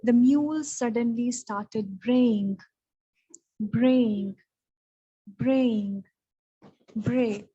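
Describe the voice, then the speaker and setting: A woman with a Pakistani English accent teaching English vocabulary in an online lesson, explaining each word and repeating it slowly. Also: on the high side, mellow, slightly rough, lo-fi sound.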